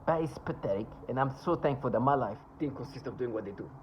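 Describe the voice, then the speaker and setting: A man's voice: medium pitch, lively intonation, a little mellow, slight background noise, rough recording. A man talking to camera in a rambling monologue, scornful and sarcastic, often stopping and restarting. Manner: halting, with many restarts and asides. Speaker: vlogger.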